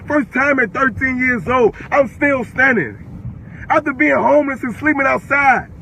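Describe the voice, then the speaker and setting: 18 yr old guy ranting on a livestream, real high bright voice, swearing nonstop, so mad. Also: measured pace, vocal fry, slight background noise, low-quality recording. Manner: furious, profane, repeating himself. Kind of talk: angry livestream rant.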